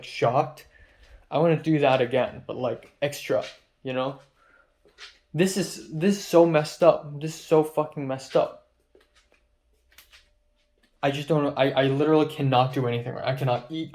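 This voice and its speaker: A man's voice: mid-range voice, darkish tone. A young man venting in an agitated, profane video diary, recorded indoors at his apartment. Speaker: vlogger.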